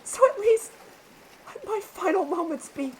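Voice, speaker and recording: Frail ill girl, very high pleading voice, put on by the narrator. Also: expressive, normal speed, slight background noise. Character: frail ill young woman. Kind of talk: dramatic video game voice-over reading.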